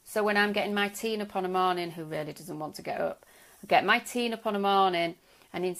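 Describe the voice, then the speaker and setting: A middle-aged woman speaks to her viewers as a stress coach in a live video talk. Her voice sits at a middle pitch with a gravelly, creaky edge. She talks gently and reassuringly, checking in often and restarting her sentences. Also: fairly quick.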